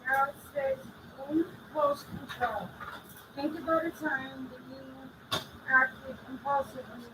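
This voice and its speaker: Woman facilitator, high voice, flat delivery, heard from far off, noisy room. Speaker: group facilitator. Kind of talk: reading a workbook aloud to a group. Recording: distant mic in a noisy room.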